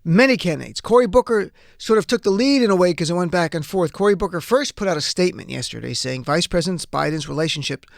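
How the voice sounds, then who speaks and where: A man's voice: sits high, lively intonation, quick pace, vocal fry, few pauses, no room sound. A man hosting a political talk show, giving emphatic, sarcastic commentary from a studio. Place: radio studio.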